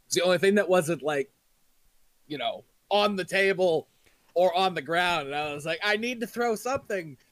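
A man's voice: fairly high pitch, moderate pace, no room sound. A man hosting a casual chat, teasing and joking with his guests. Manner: jokey, teasing interjections. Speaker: podcast host.

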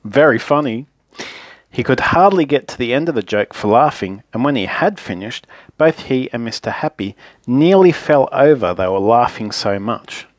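A man reading a children's story aloud in a gentle, expressive way. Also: medium pitch, moderate pace, dry recording.

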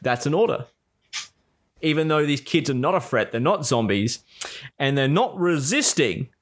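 A man in casual chat, retelling a series with lively put-on quotes and frequent swearing. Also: a little high, moderate pace. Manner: animated, acts out characters' lines, swears freely.

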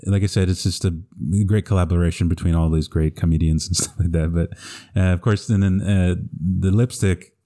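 Low, mellow-voiced man retelling movie scenes. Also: fairly even intonation, brisk. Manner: retells scenes with frequent laughter and fillers. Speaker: podcast co-host. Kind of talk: casual chat.

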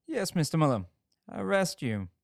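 A man voicing a stern police inspector questioning a suspect, his voice pushed higher than his narration. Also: big pitch swings, normal speed, vocal fry, no room sound, studio quality.

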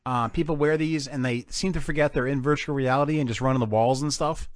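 A man's voice: mid-range voice, steady tone, fast talker. A man hosting a casual podcast, introducing videos with crude jokes and frequent laughter. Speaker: podcast host.

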